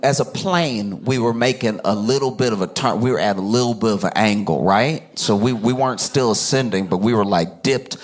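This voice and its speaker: A man's voice: lowish voice, fairly quick, few pauses. A stand-up comedian telling a story on stage, acting out voices and laughing as he talks. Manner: animated, acts out voices, laughs through lines.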